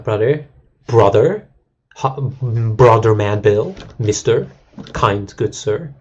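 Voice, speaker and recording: Husky-voiced man ranting to chat. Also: mid-range voice, slow, darkish tone, dull audio. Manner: crude, rambling, mocking. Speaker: game streamer. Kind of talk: casual rant to stream chat.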